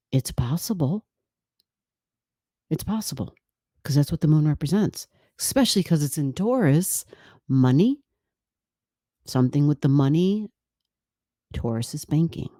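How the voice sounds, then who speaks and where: A woman hosts an astrology video in a playful, chatty manner, speaking low and slowly. Her tone is mellow and warm. The close, dry sound has no room echo. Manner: playful, laughing, chatty with quoted asides. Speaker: astrology channel host. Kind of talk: casual explanatory talk to camera.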